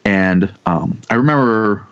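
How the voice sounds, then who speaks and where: A man in his thirties telling a ghost story in casual chat, rambling and halting with many restarts and casual swearing. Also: fairly low pitch, animated, clear, resonant tone. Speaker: podcast guest telling ghost stories. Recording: dull lo-fi sound.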